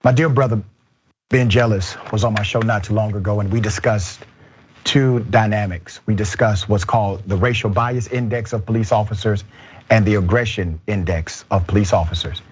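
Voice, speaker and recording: Indignant male news host with a husky, lower voice. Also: steady tone, normal speed, dull audio. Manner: earnest, indignant. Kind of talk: opinion news commentary.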